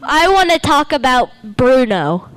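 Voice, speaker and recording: A woman's voice: high voice, sing-song, measured pace, poor audio. A woman fan in the audience asking a question at a convention panel, giggly and playful.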